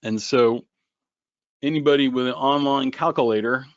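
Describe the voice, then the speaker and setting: A man hosting a live trading webinar, joking and animated as he talks to viewers by name. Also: medium pitch, moderate pace, no room sound. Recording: dull lo-fi webinar audio.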